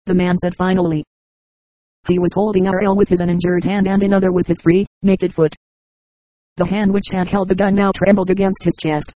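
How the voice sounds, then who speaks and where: A synthetic text-to-speech voice reading a novel aloud with an even, mechanical delivery. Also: mid-range voice, fairly quick, no echo, rough recording. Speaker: audiobook reader. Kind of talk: scripted narration.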